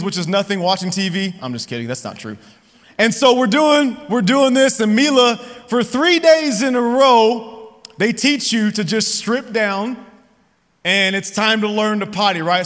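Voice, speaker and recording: A man's voice: sits high, a bit bright. A man in his thirties preaching a sermon, chatty and personal, often checking in with the crowd by asking "right?". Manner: conversational, often asks the audience "right?". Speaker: pastor. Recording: long hall reverb.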